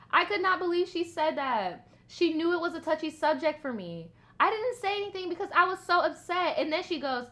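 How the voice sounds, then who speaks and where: Woman host for casual storytime commentary: animated, profane, quick to laugh, with a bright, forceful tone. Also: high voice.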